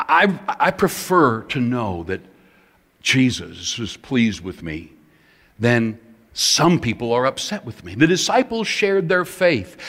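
A middle-aged male pastor delivers a sermon with animated, emphatic storytelling. His pitch swings widely as he talks, and his voice rings with a long reverb as if in a big hall.

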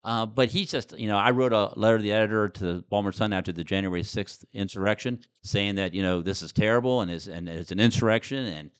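A man's voice: on the low side, smooth. A middle-aged man from Maryland, a former state senator, talking animatedly in a casual political conversation, with many restarts. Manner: animated, talks fast, with frequent restarts.

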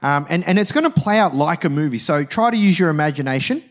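Lively high-voiced male preacher. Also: fast. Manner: animated, conversational, often asks "right?". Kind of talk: sermon.

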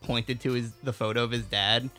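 A young man co-hosting a casual movie review podcast, animated, laughing often and swearing casually. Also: medium pitch, moderate pace, soft background music. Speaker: podcast co-host.

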